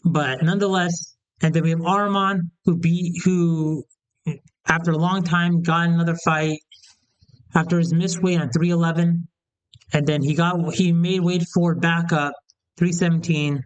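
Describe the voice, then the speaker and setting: A man's voice: fairly high pitch, fairly even intonation, a little slow, smooth, rough recording. A young man giving a heated, rambling opinion rant about fight events, often restarting his sentences. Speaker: MMA commentator. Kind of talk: casual opinion rant to camera.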